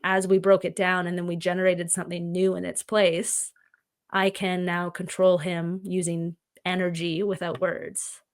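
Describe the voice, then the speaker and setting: A woman on a podcast, calmly and earnestly telling a reflective personal story. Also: fairly low pitch, a little slow. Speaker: podcast guest. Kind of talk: conversational podcast chat.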